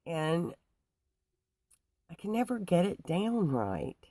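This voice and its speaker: A woman telling a personal story to her viewers, halting with many restarts and fillers. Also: on the low side, very animated, warm tone, no room sound, studio quality. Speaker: YouTuber.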